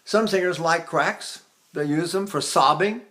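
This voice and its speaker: An older man, a voice teacher, explaining singing technique with halting restarts and sung demonstrations. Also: on the high side, sharp tone.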